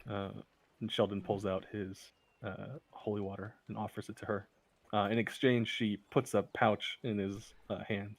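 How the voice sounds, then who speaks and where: A man narrating as game master for a tabletop game, halting with many fillers. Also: lowish voice, level tone.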